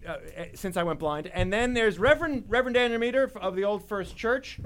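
Wisecracking male talk host, high voice that swoops all over, rambling delivery. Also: animated, fairly quick, a bit bright, smooth. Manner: wisecracking, rambling, lots of restarts. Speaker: radio show host. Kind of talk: jokey talk-show banter.

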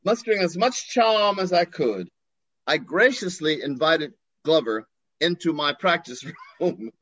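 An older man tells a story with theatrical expression, his voice fairly high and swinging widely in pitch. He speaks over a video call from his porch. The sound is dry and a little dull. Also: animated, measured pace, fairly bright tone, no room sound. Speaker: guest. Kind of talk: storytelling in an interview. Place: home porch.

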